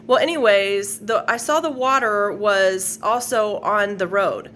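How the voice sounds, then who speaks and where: A woman's voice: medium pitch, a little slow, a bit bright, a little hiss or hum. A middle-aged woman earnestly retelling a dream as a personal faith testimony, rambling with fillers and quoted lines. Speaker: faith video host. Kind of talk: personal testimony, casual storytelling.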